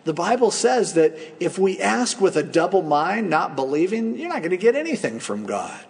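A man's voice: high voice, very animated, normal speed, creaky, darkish tone, in a large hall. A male pastor preaching a sermon in a conversational, storytelling way, acting out quotes as he goes.

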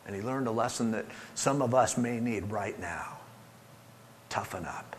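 An older man preaching a sermon as pastor, urging his listeners and swinging from loud pushes to hushed, low lines. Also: normal speed, slight background noise.

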